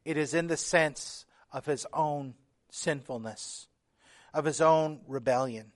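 A man's voice: fairly high pitch, slow pace. A man preaching a sermon as pastor, earnest and emphatic, reading scripture aloud with feeling. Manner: earnest preaching, building emphasis with repeated phrases.

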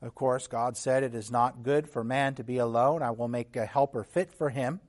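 A man preaching a sermon as a pastor, teaching in an earnest tone, with restarts and occasional throat clearing. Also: medium pitch, fairly even intonation, moderate pace.

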